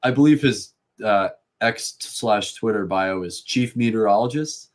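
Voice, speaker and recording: A man's voice: lowish voice, unhurried. A man from the Boston area co-hosting a live sports show, easygoing and chatty, reading out viewer donations. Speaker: co-host. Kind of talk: casual live show chat.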